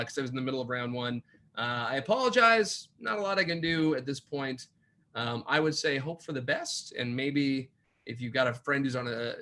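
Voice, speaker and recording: Bright, lively male trivia host. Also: medium pitch. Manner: upbeat, repeats each question, jokey asides. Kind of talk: online quiz hosting.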